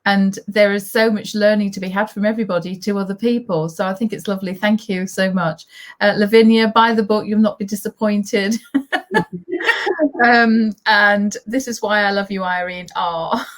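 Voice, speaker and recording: A woman's voice: mid-range voice, steady tone, normal speed. Chatty woman interview host. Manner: warm, reads out viewer comments, laughs often. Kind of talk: casual interview chat.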